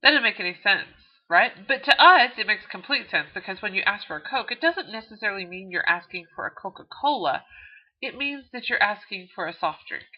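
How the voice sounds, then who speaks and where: A woman's voice: medium pitch, animated, a little fast. A woman with a Texan accent, a college instructor giving a chatty recorded video lecture with frequent fillers. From Texas. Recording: dull lo-fi video audio.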